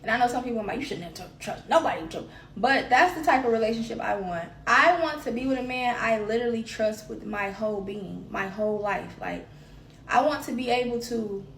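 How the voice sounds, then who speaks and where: On her solo confessional podcast, a female host opens up about her feelings at length, often repeating phrases to stress a point. She has a fairly high voice, captured from afar with roomy echo and a little hiss or hum.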